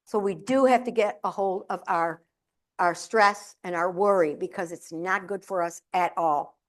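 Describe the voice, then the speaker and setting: A woman's voice: lowish voice, a little slow. A middle-aged woman giving a humorous keynote talk at a live event. She tells stories animatedly and acts out the voices of family members. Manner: animated, comic storytelling with acted-out quotes.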